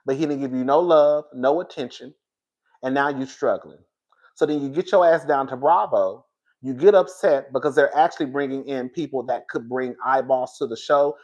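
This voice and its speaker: A man's voice: a little high, animated, moderate pace. A man giving a casual, candid commentary to his viewers, profane and rambling, often restarting and going off on asides. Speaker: reality TV commentator.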